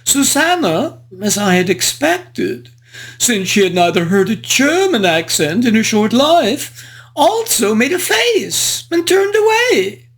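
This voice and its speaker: Speaking at medium pitch, a performer portrays a silly, dandyish English aristocrat reviewing a book. Every line stays in character, full of elaborate, courtly, antiquated phrasing.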